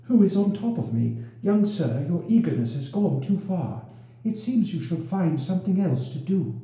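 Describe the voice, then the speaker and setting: A man's voice: high-pitched, very animated, normal speed, mellow. A man voicing a noble young duchess who pleads and reproaches, in a storybook reading with a roomy echo. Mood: indignant.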